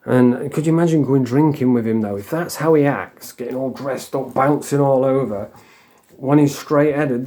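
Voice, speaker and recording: A man's voice: mid-range voice, warm tone. A man ranting in a crude, mocking vlog, laughing at his own jokes. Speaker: online commentator.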